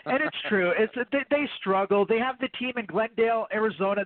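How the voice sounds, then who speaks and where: A man's voice: sits high, brisk, hardly any pauses. A man from Canada co-hosting a casual hockey talk show, opinionated and rambling, with a jokey streak. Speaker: podcast co-host. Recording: dry, tinny phone-like line.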